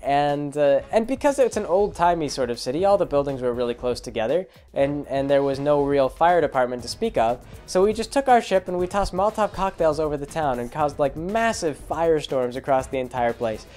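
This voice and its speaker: A man's voice: a little high, lively intonation, a little fast, hardly any pauses, a little mellow, faint music behind. A man casually retelling a tabletop game campaign, rambling and amused with many fillers. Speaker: storyteller. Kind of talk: casual storytelling vlog.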